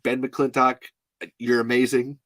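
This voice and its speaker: A man's voice: mid-range voice, flat delivery, measured pace, a bit bright, no room sound. A man in his thirties telling a story in casual chat to a live audience, rambling with lots of "like", laughing often and swearing freely. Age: 30s. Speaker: live stream host.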